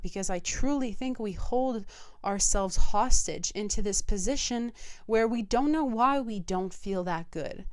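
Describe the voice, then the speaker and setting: A woman's voice: medium pitch, clean tone. Candid, swearing young woman podcaster. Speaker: podcast host. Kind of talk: personal monologue.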